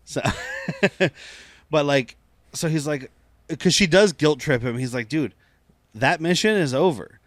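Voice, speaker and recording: A man's voice: fairly high pitch, unhurried, long pauses, no echo, studio quality. A man co-hosting a podcast, recapping an episode in loose chat, laughing often and swearing casually. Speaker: podcast co-host.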